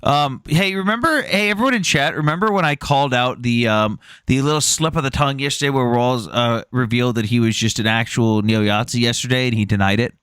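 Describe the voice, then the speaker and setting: A man's voice: medium pitch, brisk, hardly any pauses, a bit bright, smooth, no room sound. Dry-sounding mocking male stream host. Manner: mocking, talks to chat. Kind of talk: live debate stream chat.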